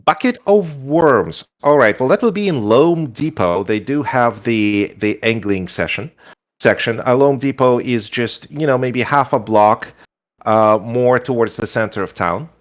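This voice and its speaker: A man in a middle pitch running a tabletop game, making up the world as he goes. He rambles, catches himself, and pads his lines with "uh" while he describes shops and creatures. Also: lively intonation, measured pace. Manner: rambling, improvised, full of fillers. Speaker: game master.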